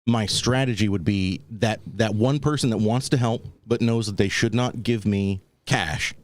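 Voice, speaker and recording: A podcast host with a low-leaning voice talks at a moderate pace on his talk show. He wanders through a wry comedic story in a casual way, acting out the people he quotes.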